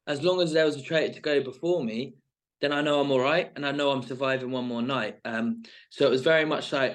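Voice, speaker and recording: A man talks loosely and casually as a guest, stringing his thoughts along with plenty of fillers. His voice sits at an ordinary middle pitch and he never sounds scripted. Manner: rambling, full of "like" and "sort of". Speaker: reality show contestant guest. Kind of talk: casual interview chat.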